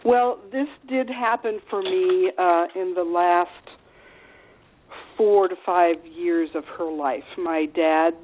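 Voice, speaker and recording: A woman interview guest telling candid personal stories in a frank, animated way, with plenty of fillers. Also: fairly low pitch, slow pace, slight background noise. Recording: phone-like radio interview line.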